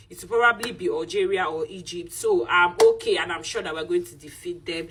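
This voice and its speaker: A woman chatting to camera, animated and teasing. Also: fairly high pitch. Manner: animated, teasing, mixes pidgin. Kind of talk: casual chat to camera.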